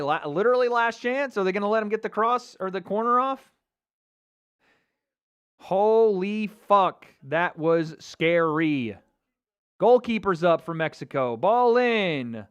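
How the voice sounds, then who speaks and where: Excitable American man, high and clear. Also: lo-fi sound. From United States. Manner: excitable, swearing, bursts into shouts. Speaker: YouTube host. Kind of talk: live match reaction commentary.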